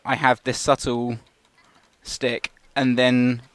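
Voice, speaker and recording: A man's voice: medium pitch, level tone, slow pace, fairly bright tone, no echo. A man casually talking through an animation shot as a tutor, restarting sentences as he explains. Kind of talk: live tutorial walkthrough.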